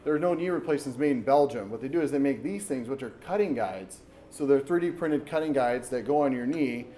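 Conversational surgeon giving a community talk. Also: male voice, mid-range voice, expressive, fairly quick, mellow, low-quality recording. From Wisconsin, US. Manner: conversational, with frequent restarts and "so basically". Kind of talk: informal public lecture. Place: meeting room with an audience. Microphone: camera recording in the room.

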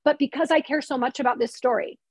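A woman's voice: high-pitched, fairly even intonation, fast talker, breathy edge, no room sound, low-quality recording. A woman screenwriter and novelist, talking in a casual interview and telling stories animatedly, with many restarts.

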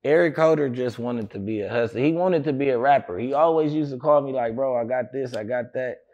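A man's voice: medium pitch, fairly quick, darkish tone, muffled recording. A man being interviewed, telling a long story in a rambling way, full of fillers and restarts, and acting out what others said. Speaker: interview guest. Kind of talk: casual storytelling.

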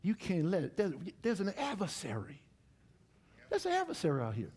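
A middle-aged man preaching a sermon in a church, with lively call-and-response to the congregation. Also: high voice, moderate pace, husky. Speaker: pastor. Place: church sanctuary.

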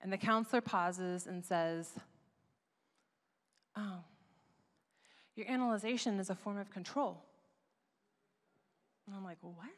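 Animated woman preaching in a big hall. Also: mid-range voice, slow, long pauses. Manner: animated storytelling, acts out her own past voice. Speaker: conference speaker. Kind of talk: sermon. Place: church auditorium. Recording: long reverb of a large hall.

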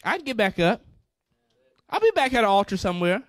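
A man's voice: high voice, very animated, brisk, no room sound, studio quality. A male pastor preaching a fervent sermon, repeating phrases and calling out to the congregation.

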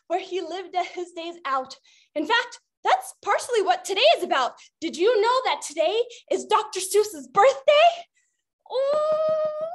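Lady doing a super high-pitched happy kitty cat, bouncy sing-song voice, all gasps and wonder for the kids. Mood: excited. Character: playful cheery female cat host for children. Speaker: children's entertainer. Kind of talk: kids' game and storytime performance.

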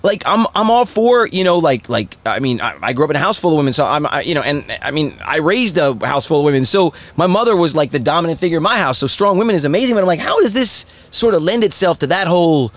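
A man in his forties from the Philadelphia area chats as a podcast guest. His voice sits a little high and swings widely in pitch as he tells stories. He talks in an animated way and keeps jumping into quick impressions. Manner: animated, jumps into voices while telling stories. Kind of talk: casual storytelling chat.

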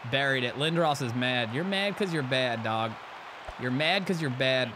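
A young man giving loud, excited commentary while playing a hockey video game, trash-talking and cheering. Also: mid-range voice, normal speed, noisy background. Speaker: gaming channel host.

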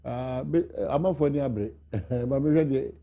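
A man on a political panel, answering calmly with hesitant fillers. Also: mid-range voice, moderate pace, lo-fi sound. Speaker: studio panelist. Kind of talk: political debate.

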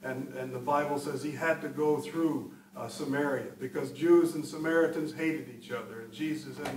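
A man in his sixties, a pastor preaching a sermon in an unhurried, conversational way with personal stories. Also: mid-range voice, fairly even intonation. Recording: roomy echo from a distance, faint hiss.

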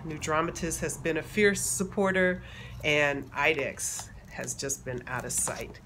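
A woman, excitedly chatting to her viewers, laughing and calling them y'all. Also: deep voice, a little slow, poor audio. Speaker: playwright unboxing a project deck. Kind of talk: casual vlog talk. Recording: background noise.

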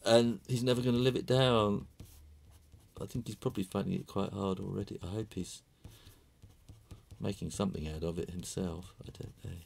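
A man's voice: on the low side, fairly even intonation, moderate pace, vocal fry, a little mellow, husky. A British man, an illustrator, chatting and laughing often as he talks through a drawing tutorial. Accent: British English.

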